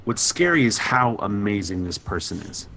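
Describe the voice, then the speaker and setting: A man co-hosting a podcast gives a hyped shout-out with playful, over-the-top praise. His delivery swings into mock bravado, talking big for laughs. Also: fairly low pitch, sing-song, normal speed, creaky, slight background noise. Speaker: podcast co-host.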